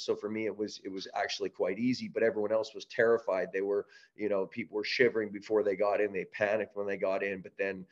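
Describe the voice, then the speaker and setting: Canadian-raised male guest, casual animated storyteller, lowish voice, muffled lo-fi audio. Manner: animated storyteller, many restarts and "you know". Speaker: podcast guest, breath-work business founder.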